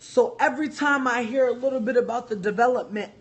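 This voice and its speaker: A man's voice: very high voice, fast talker, slightly rough. A man giving a heated, profane opinion rant to camera as a vlogger, repeating himself as he vents.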